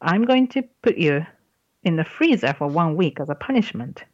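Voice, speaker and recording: A woman's voice: low voice, big pitch swings, moderate pace, lo-fi sound. A woman voicing a stern man who scolds and punishes his pet bird, in close to her own voice.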